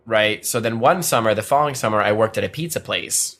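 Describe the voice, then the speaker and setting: A man's voice: on the low side, a little fast, pushed and bright. A young man in his twenties co-hosting a comedy podcast, telling rambling stories full of fillers in casual chat. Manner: rambling, filler-heavy storytelling. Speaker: podcast co-host.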